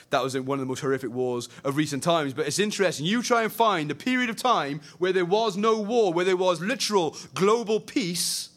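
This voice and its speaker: A young man preaching a sermon, animated and conversational, swinging between loud emphasis and quiet earnestness. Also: on the high side.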